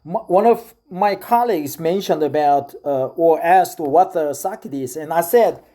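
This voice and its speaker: A middle-aged Korean-accented man talks through a casual vlog monologue in careful, unhurried English. His tone is mellow and dark, and he stops often to fill pauses while searching for words. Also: on the high side. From South Korea. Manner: hesitant, with frequent filler pauses. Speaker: vlogger.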